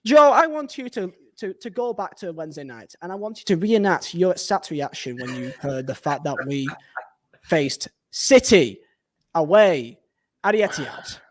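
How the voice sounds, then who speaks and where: A man hosting a casual football podcast, talking in excitable, punchy bursts. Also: high-pitched, fairly quick, hardly any pauses. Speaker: podcast host.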